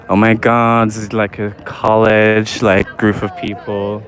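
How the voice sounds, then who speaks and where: Out in a city park beside the water, a deep-voiced London man livestreams a casual walking tour, his voice a bit bright. He rambles along in a chatty way, regularly tossing in "do you know what I mean."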